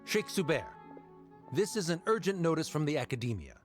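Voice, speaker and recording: Haughty, officious academy official. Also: male voice, on the high side, very animated, brisk, soft background music. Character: condescending male academy official.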